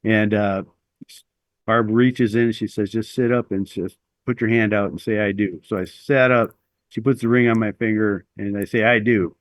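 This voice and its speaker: A man's voice: on the low side, steady tone, moderate pace, no echo. A middle-aged man telling a long personal story as an interview guest, rambling and self-deprecating with lots of fillers.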